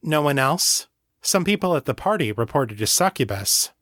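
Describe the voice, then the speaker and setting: A man's voice: fairly high pitch, big pitch swings, normal speed, a bit bright, no echo, clean studio sound, pitched above the performer's own voice. Man voicing a curt, hostile female agent. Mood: cold. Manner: curt, acidic.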